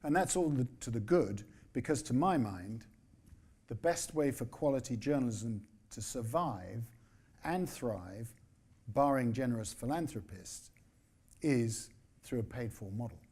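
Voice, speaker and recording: A husky, mid-pitched man in his sixties addresses a conference as a newspaper editor. His speech is measured and emphatic, and he slips in dry, quick asides. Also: animated, darkish tone. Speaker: newspaper editor giving a keynote.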